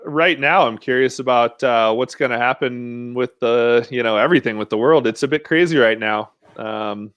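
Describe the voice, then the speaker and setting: A man's voice: mid-range voice, moderate pace, few pauses, fairly bright tone, clean tone, dry recording. A man telling stories as a podcast guest in a laid-back, casual way, with frequent fillers. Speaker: podcast guest, mountain bike rider. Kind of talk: casual interview chat.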